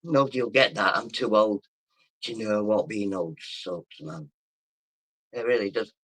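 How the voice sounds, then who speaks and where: A man's voice: lowish voice, unhurried, fairly bright tone, no room sound. Drunk, rambling man. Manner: rambling, boisterous, sweary. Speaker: livestreamer. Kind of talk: casual livestream chat, reading comments.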